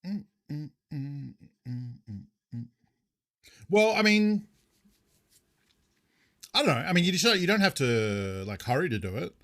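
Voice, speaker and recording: A man's voice: a little high, measured pace, long pauses. A young Australian man chatting casually with his viewers while streaming a game, rambling and swearing lightly. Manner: relaxed, rambling, answers chat, swears casually. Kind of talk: casual live-stream chat.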